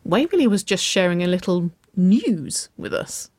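A woman's voice: lowish voice, big pitch swings, normal speed, a little mellow, pitched above the performer's own voice. A woman doing a jovial middle-aged uncle.

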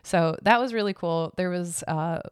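Young woman, podcast host, casual rambling chat, giggly, self-deprecating, lowish voice, dry close mic. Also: moderate pace, smooth, no room sound.

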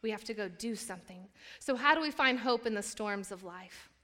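A woman's voice: mid-range voice, expressive, normal speed, sharp tone. A woman giving a conversational sermon at a women's church event, earnest and candid, weaving scripture together with stories about her family. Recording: echoey hall.

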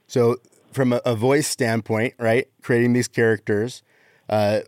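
A man's voice: mid-range voice, steady tone, measured pace, a little mellow, no echo, studio quality. A man hosting a casual comedy podcast chat, rambling and repeating words as he searches for them.

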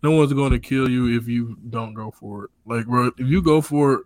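A man co-hosting a casual sports podcast, animated and peppering his talk with "bro". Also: medium pitch, moderate pace, no room sound. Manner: animated, says bro often. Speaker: podcast co-host.

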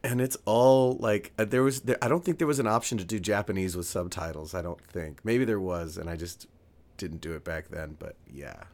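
A man co-hosting a podcast in relaxed casual chat, his voice hoarse from having lost it. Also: sits low, brisk. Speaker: podcast co-host, voice actor.

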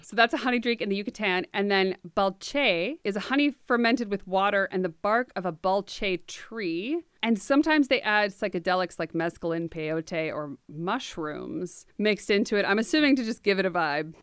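An American woman hosting a podcast, telling facts in a casual, jokey way with quick asides. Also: mid-range voice, smooth, no room sound, studio quality. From United States. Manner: animated, jokey storytelling with asides. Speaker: podcast host.

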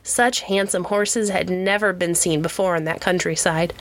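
A woman's voice: fairly low pitch, steady tone, normal speed. Woman reading a storybook aloud. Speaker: audiobook reader. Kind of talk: storybook narration.

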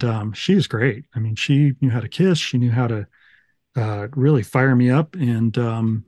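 A man's voice: medium pitch, a little mellow, dry recording, clean studio sound. A middle-aged man from Utah, a podcast guest, telling his life story in a rambling, self-deprecating, casual way. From Utah, USA. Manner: rambling, self-deprecating, fond of 1980s references.

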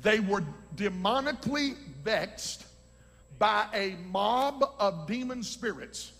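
A man preaching a sermon, teaching from scripture with fervent, shouting emphasis. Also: sits high, lively intonation, takes it slowly, gravelly. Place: large hall with a congregation. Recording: long hall reverb.

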